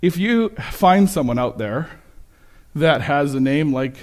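A man preaching a sermon with slides, conversational and self-correcting, turning animated when he quotes people. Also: on the high side, takes it slowly. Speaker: pastor.

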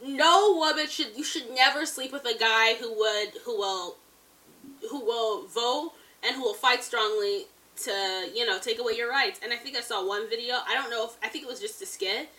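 A woman's voice: a little high, moderate pace, sharp tone, far from the mic. A woman in her twenties co-hosting a podcast, chatting casually and animatedly, laughing often and saying "like" a lot. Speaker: podcast co-host. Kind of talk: casual chat.

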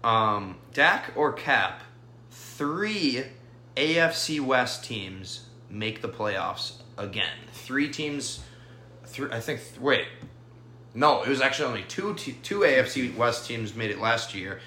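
A man's voice: medium pitch, lively intonation, takes it slowly, sharp tone, echoey room, a little hiss or hum. A young man co-hosting a casual sports podcast, wry and teasing in his delivery. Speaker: podcast co-host.

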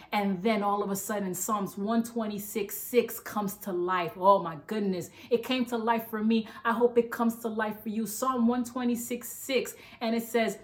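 A woman pastor delivering a fervent sermon, repeating calls to listen and sometimes running out of breath from excitement. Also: mid-range voice, moderate pace. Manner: fervent, repetitive preaching with emphatic calls to listen.

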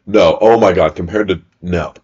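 A man's voice: low voice, moderate pace, darkish tone, husky. Young man, casual podcast co-host, teasing storyteller, muffled lo-fi sound. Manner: joking, storytelling, rambling with restarts. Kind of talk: casual chat.

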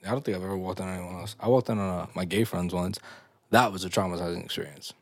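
A young man hosting a podcast, telling stories in a loose, animated way full of slang and laughs. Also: deep voice, fast talker, no echo, clean studio sound. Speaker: podcast host. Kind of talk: casual podcast chat.

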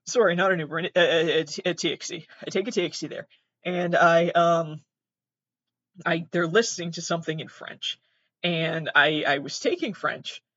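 Telling a casual, self-deprecating anecdote at a moderate pace, this young female podcast host swears liberally and keeps starting her sentences over. Her voice sits fairly low with a fairly bright quality, captured close and dry with no room sound, giving a slightly muffled, dull tone.

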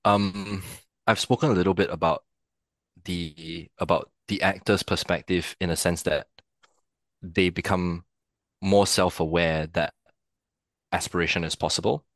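Thinking out loud, a Singapore-raised theatre practitioner appears as a podcast guest, his deep, low voice moving with fairly even intonation at a slightly slow pace and frequent pauses. He keeps checking in with the listener while reflecting conversationally. The sound is close, dry, and a bit bright, with little room sound.

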